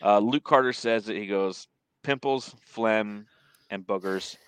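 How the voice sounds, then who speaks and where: A man's voice: lowish voice, unhurried, a bit bright, clean tone, no echo. A man hosting a casual sports podcast, telling rambling stories and laughing often. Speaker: podcast host. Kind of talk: casual chat.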